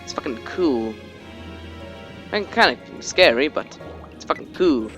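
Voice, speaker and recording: A man's voice: mid-range voice, expressive, a little slow, fairly bright tone, soft background music. Rambling young man commenting on a game. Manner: rambling, joking, swears casually. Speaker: let's play commentator.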